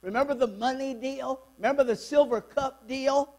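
A man's voice: very high-pitched, normal speed, darkish tone. A man in his sixties preaching a fervent, worked-up sermon in church. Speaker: pastor.

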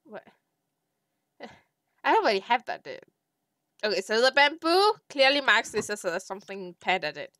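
Woman, high voice, gameplay commentary, melodramatic, mock sobbing, chats to animals. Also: sing-song, moderate pace, pauses often, fairly bright tone, no echo. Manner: talks to herself and to in-game animals. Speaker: streamer playing a survival game.

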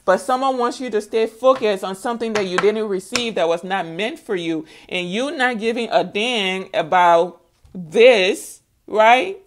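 A woman giving a spiritual tarot reading in a chatty, playful way, laughing often and talking straight to her viewers. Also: on the high side. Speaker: tarot reader.

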